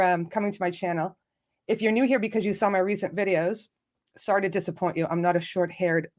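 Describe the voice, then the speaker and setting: A woman hosting a casual live stream, chatty and self-joking, laughing often and greeting viewers by name. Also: medium pitch. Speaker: livestream host.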